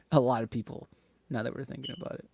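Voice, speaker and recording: A man co-hosting a casual podcast chat, joking and laughing often in quick bursts. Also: mid-range voice, fairly even intonation, creaky, a little mellow, breathy edge, no room sound. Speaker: podcast co-host.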